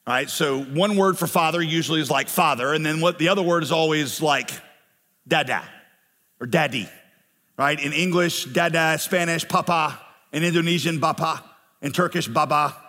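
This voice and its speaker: A man's voice: on the high side, moderate pace, pushed and bright, big-room sound. A man preaching a sermon as pastor, earnest and building in passion on key phrases. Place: church sanctuary.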